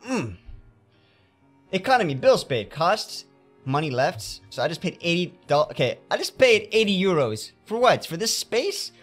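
A man's voice: fairly high pitch, very animated, moderate pace. A man giving theatrical let's play commentary, talking to himself as he paints in a game, with faint game music behind him. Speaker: gamer playing a painting game.

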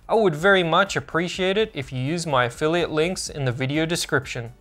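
Upbeat male tech reviewer, higher voice. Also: a bit bright. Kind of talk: scripted product review narration.

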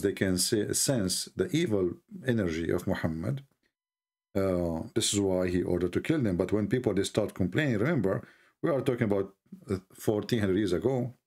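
A man's voice: lowish voice, darkish tone. A man hosting a mocking commentary, sarcastic, laughing often, in broken English. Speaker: channel host.

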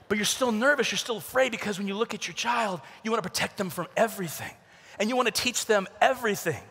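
A man giving a humorous youth conference talk, telling stories and acting out voices with sudden shouts and whispers. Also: high-pitched, fast talker, slightly rough. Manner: animated storytelling, acts out voices with shouts and whispers. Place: large conference arena. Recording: large hall with long reverb.

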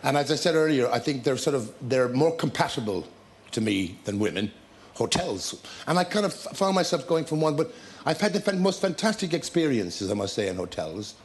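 A man, a talk show guest, telling lively anecdotes with laughter and acted-out scenes. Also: medium pitch, a little fast, slight background noise. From Ireland. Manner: storytelling with laughter, acting out scenes.

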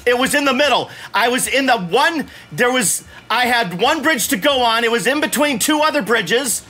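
A man's voice: very high voice, expressive, moderate pace, bright, forceful tone, breathy edge. A father playing a video game, arguing over directions in an exasperated, argumentative way. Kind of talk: casual gaming banter.

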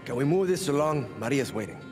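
An actor voicing an impatient male guerrilla escort who talks in a brusque, hurried way. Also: mid-range voice, very animated, a little mellow, faint music behind, natural voice.

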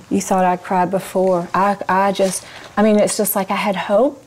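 A woman in the middle of her natural pitch range shares a personal testimony of faith with a live audience. Her storytelling is expressive, and she often turns to ask her listeners questions. At tender moments she drops into soft, hushed tones. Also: unhurried. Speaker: Christian ministry speaker.

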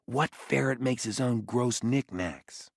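A man's voice: mid-range voice, takes it slowly, creaky, no room sound, clean studio sound, pitched above the performer's own voice. A man voicing a wary young boy. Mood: doubtful. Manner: hesitant and doubtful.

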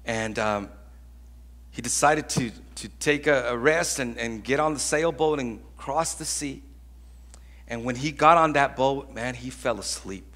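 A man preaching a sermon as pastor, telling stories in an animated, conversational way with acted-out voices. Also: medium pitch, a little slow. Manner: conversational, with frequent restarts.

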